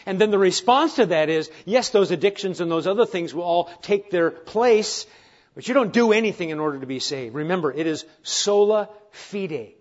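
Man, pastor mid-sermon, earnest and questioning, somewhat high voice, muffled church recording. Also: moderate pace. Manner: earnest preaching with rhetorical questions and self-deprecating asides.

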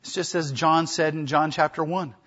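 A man delivers a sermon with a husky voice pitched a little high. He is emphatic and acts out the quoted speech of people in the story. The recording sounds dull and lo-fi. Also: fairly even intonation, normal speed, a bit bright. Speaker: pastor. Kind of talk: expository sermon.

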